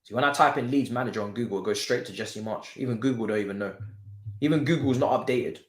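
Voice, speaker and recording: A man's voice: mid-range voice, fast talker. A man hosting a live football watchalong, chatting casually and joking in heavy slang. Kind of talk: casual live-stream chat and match commentary. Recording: roomy echo.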